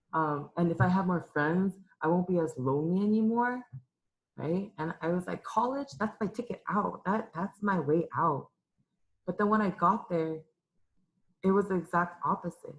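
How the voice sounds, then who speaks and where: On phone-quality sound, a woman's low-ish voice comes through as she, a young youth minister from Los Angeles, California, offers an emotional and candid testimony to a church room audience. Tears come at times, and her speech is filled with fillers and restarts.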